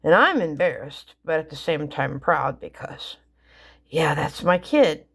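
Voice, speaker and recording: Middle-aged woman, lower voice, slow rambling story delivery, lots of ums and restarts. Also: very animated, gravelly, a bit bright, breathy edge. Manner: rambling, with many fillers and restarts. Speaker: mother telling family stories. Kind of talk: casual storytelling.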